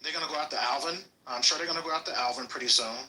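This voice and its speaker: A man's voice: medium pitch, very fast, pushed and bright, reverberant, poor audio. Eager man chatting casually. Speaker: guest on a talk show. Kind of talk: casual chat.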